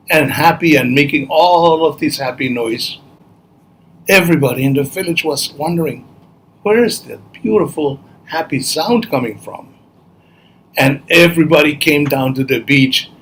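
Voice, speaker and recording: A man narrating a children's story at a slow, unhurried pace with a gentle, expressive delivery. His voice sits at an ordinary male pitch, and a faint ambient hiss runs underneath. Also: low-quality recording.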